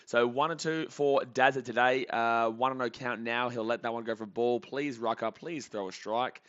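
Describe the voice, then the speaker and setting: A young man hosting a live baseball reaction stream, calling the plays casually and reading out chat messages with bursts of excitement. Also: medium pitch, normal speed, few pauses, clear, resonant tone, dull audio. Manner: casual chatty commentary, reads chat aloud, excitable.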